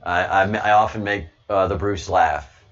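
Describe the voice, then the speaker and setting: A man's voice: deep voice, unhurried, a bit bright, highs cut off. A man hosting a casual livestream, rambling to his chat and stammering over repeated words with frequent chuckles. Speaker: livestream host reading chat.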